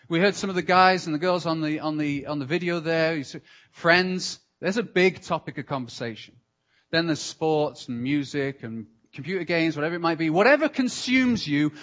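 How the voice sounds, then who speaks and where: A man's voice: on the high side, a bit bright, lo-fi sound. A man with a British accent, preaching a conversational sermon with practical asides. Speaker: pastor.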